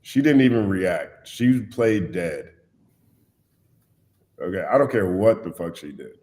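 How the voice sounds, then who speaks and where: A man's voice: sits low, measured pace. A man talking bluntly and animatedly as a podcast guest in casual chat. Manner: animated, blunt storyteller, puts on voices when quoting.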